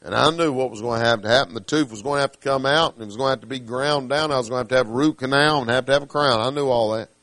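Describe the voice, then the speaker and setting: A man preaching a sermon, swinging from hushed asides to fervent calls, with folksy dialect grammar. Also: mid-range voice, racing, hardly any pauses, dry recording.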